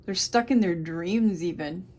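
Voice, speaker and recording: A woman's voice: on the low side, unhurried, dark tone. A woman in her thirties giving a casual, rambling tarot reading to camera, thinking aloud with many fillers. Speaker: tarot reader.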